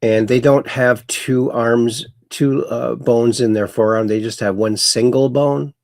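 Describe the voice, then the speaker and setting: Guy hosting a chill stream, gravelly low-key voice, reads out chat comments, dry close mic. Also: fairly even intonation, measured pace, a little mellow, no room sound. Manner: rambling, reads viewer comments aloud. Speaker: host. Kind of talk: casual livestream chat.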